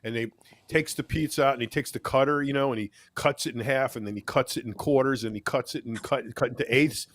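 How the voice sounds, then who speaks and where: A man's voice: mid-range voice, fast talker, a bit bright, no room sound. Dry-sounding man on a podcast. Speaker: podcast co-host. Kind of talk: casual chat.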